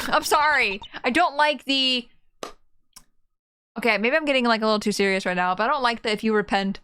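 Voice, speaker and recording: A woman's voice: on the high side, normal speed, long pauses, bright, forceful tone, smooth, dry recording. A young woman streaming a game, chatting casually and giggling, with lots of "like" fillers. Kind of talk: casual gaming stream chat.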